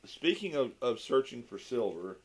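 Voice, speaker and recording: A man's voice: medium pitch, normal speed. A man co-hosting a livestream, chatting casually and joking in a rambling way. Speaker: co-host of a coin roll hunting livestream. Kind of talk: casual chat. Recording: clear steady background noise.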